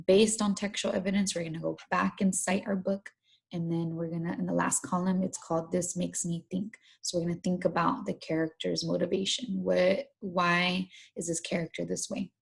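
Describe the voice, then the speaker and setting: A woman's voice: mid-range voice, creaky, darkish tone, husky. A woman teacher running an online vocabulary lesson and read-aloud, repeating each word and asking students to say it along, restarting phrases and explaining in loose everyday words.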